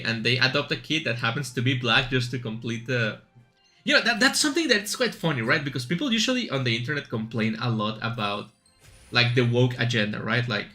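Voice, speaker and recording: A male streamer with a bright, forceful voice rambles casually through his thoughts while playing, full of fillers and asides. Faint game music runs quietly behind him. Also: mid-range voice, fast. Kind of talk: casual chat while gaming.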